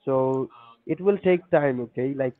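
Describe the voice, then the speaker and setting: A man's voice: mid-range voice, unhurried. A man working as a call center agent, reading polite stalling phrases to a caller. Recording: tinny phone line.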